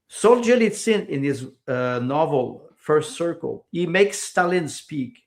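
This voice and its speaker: A man's voice: on the high side, animated, a little slow, few pauses. A man speaking as a podcast guest in casual conversation, hesitant, with many fillers and repeated words, and small grammar slips of a second-language English speaker.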